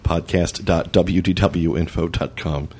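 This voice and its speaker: Deep-voiced male podcast host. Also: fairly even intonation, measured pace, darkish tone, breathy edge. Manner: laughs often, fillers, hosts segments. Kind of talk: casual roundtable chat.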